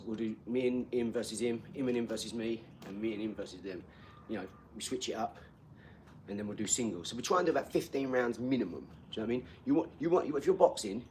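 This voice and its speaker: A man's voice: mid-range voice, a little hiss or hum. A man in his forties hosting a livestream, chatting casually and rambling, often asking "do you know what I mean.". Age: 40s. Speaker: livestream host. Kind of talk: casual chat, reading out viewer comments.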